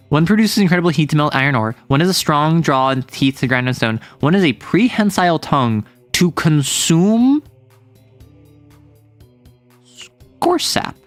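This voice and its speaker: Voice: mid-range voice, dry recording. A young adult streamer chatting casually with chat, playful and teasing, reading messages aloud. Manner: playful, teasing, lots of laughs and mock threats.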